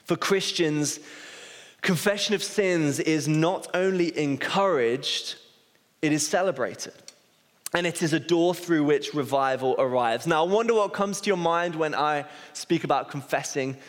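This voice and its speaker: A man preaches a sermon in a voice that sits a little high for a man. He tells a story in an earnest, self-mocking way. A long reverb trails after him through a big hall. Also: a little slow. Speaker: associate pastor. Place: church hall.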